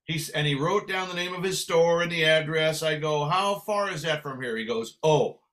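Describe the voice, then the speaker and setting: Older man telling a lively story. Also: on the high side, moderate pace. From San Francisco, USA. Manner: animated anecdote telling with acted dialogue. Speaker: guest musician. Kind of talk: storytelling in conversation.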